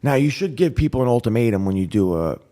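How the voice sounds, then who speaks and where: A man guest on a podcast, telling his recovery story with animated storytelling, acting out voices and dropping to a whisper at grim moments. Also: mid-range voice, fast. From New York. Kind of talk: emotional storytelling.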